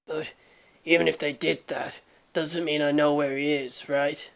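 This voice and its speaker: A woman voicing a puzzled, uneasy teenage boy in a fan audiobook, with subdued, quiet questioning. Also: low voice, flat delivery, a little slow, gravelly.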